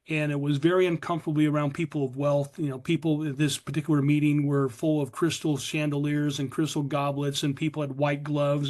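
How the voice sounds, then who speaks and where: At a recovery meeting, a middle-aged American man gives his personal testimony in a voice pitched a bit above average. Earnest and confessional, he acts out the words of his old self.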